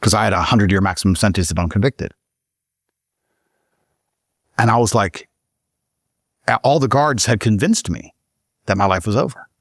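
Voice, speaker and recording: A man's voice: moderate pace, long pauses, slightly rough, dry recording. Emphatic, profane British-born man, dry sound. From Britain. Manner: profane, emphatic, voice climbs high when excited. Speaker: podcast guest. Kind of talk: casual interview storytelling.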